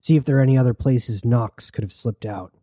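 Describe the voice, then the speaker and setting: A man reads a ruthless male mercenary commander in a very dark, mellow voice. He barks curt, profane orders. The sound is dry and close. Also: mid-range voice, brisk, no room sound, natural voice. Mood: gruff.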